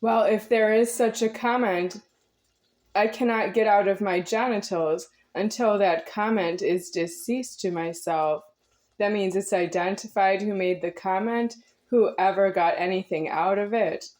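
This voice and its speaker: A woman's voice: mid-range voice, unhurried, darkish tone. A woman in her forties giving a rambling, confrontational spiritual monologue to her viewers, repeating herself intensely. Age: 40s. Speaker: vlogger.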